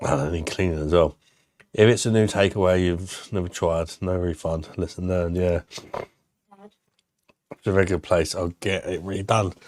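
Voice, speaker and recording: A man's voice: low-pitched, fairly even intonation, moderate pace, pauses often, a little mellow, slight background noise. A man hosting a casual live stream, bantering and joking crudely with viewers. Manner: banter-heavy, jokey and crude.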